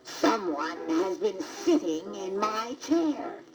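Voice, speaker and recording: A woman doing slow growling Papa Bear. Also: medium pitch, sing-song, music in the background. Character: great big growling father bear.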